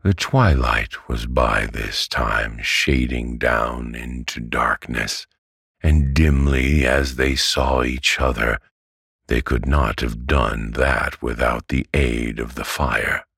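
A man with an extremely deep, gravelly, husky voice reads a classic novel as a bedtime story. He speaks slowly and evenly, and the close, dry recording has no room sound. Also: fairly bright tone, no room sound. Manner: slow, measured, soothing delivery. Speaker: audiobook reader.

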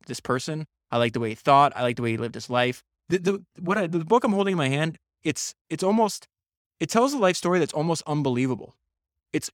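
A man's voice: mid-range voice, no echo, clean studio sound. Enthusiastic male book podcaster. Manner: enthusiastic, with many restarts and fillers. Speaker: podcast host. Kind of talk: solo book podcast commentary.

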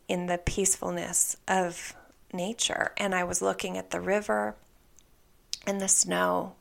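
Soft-spoken woman with a gravelly voice. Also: fairly low pitch. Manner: soft, earnest, spiritual, with frequent whispered stretches. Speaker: spiritual vlogger. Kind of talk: personal storytelling monologue.

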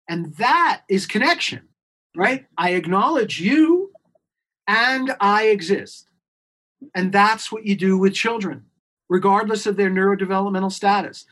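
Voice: medium pitch, animated, unhurried, fairly bright tone. A clinician guest in an interview, explaining earnestly and emphatically and repeating key points. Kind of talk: expert explaining on a podcast interview.

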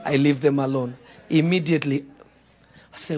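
A man preaching a sermon to a congregation, joking and laughing through his stories before rising to shouted points. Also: sits high, lively intonation, measured pace, a little hiss or hum. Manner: humorous, laughing at his own stories, then building to shouts.

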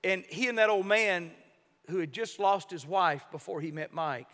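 A man delivers a sermon in a high, bright voice. He tells stories and builds to loud, emphatic peaks. His words ring out with the long reverb of a large church hall. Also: moderate pace. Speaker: preacher.

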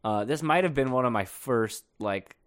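A man's voice: mid-range voice, lively intonation, normal speed. A man co-hosting a podcast in casual chat, telling joking stories and laughing often. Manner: jokey storyteller, laughs often. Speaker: podcast co-host.

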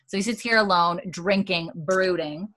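Woman co-host, lowish voice, animated recap with quick character voices. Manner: acts out characters' lines in quick voices, swears, laughs. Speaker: podcast co-host recapping a TV episode. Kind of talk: casual chat, animated retelling.

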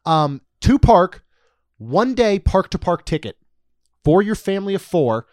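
A man's voice: high voice, very animated, a little slow, darkish tone, no echo, studio quality. Chatty man reading out prices. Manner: chatty, jokey asides, reads out prices. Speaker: podcast co-host. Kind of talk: casual podcast chat about theme park costs.

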